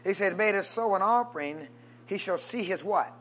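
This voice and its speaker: With lively intonation and at an ordinary pace, a pastor preaches and prompts his listeners to reply. His voice swings from loud, insistent calls down to quiet side comments.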